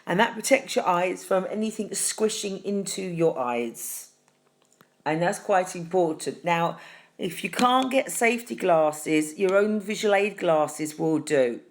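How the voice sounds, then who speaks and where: Woman host, middle-aged, gravelly, a bit low, chatty, fussy, deadpan comic tutorial. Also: unhurried, a little hiss or hum. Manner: chatty and fussy, calls viewers darling.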